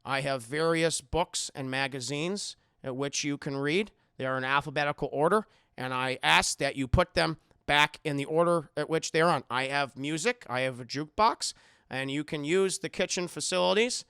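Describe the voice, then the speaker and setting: A man voicing a menacing, controlling older male captor, speaking slowly and deliberately in a falsely calm way. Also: a little high, smooth, no room sound, studio quality, voice pushed down. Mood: ominous calm.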